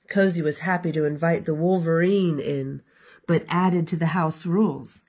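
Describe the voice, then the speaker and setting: A woman librarian giving an expressive, sing-song storytime read-aloud for children. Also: low voice, unhurried, husky.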